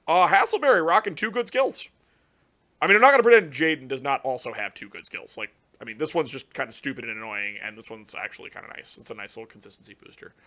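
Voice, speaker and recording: A man hosting his card game channel, reacting to new cards in casual, heavily profane commentary that swings between muttering and excited shouting. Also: a little high.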